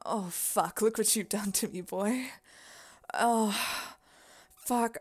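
A woman speaks in a whispered role-play, playing a commanding, teasing partner. Her delivery is unhurried, with a husky fry in the voice. She moves between a soft spoken tone and breathy whispers. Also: mid-range voice, steady tone.

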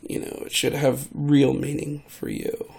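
This is a gravelly-voiced American vlogger rambling in a casual monologue while sick, meandering and trailing off with many fillers as his voice resists control. He talks a little slowly, with a medium pitch, level tone, and darkish quality.

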